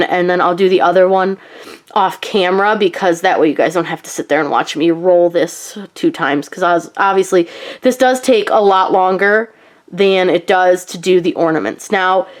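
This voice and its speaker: A woman with a cold and a nasal voice, chatting casually through a craft tutorial with frequent ums and likes. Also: medium pitch. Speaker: craft channel host.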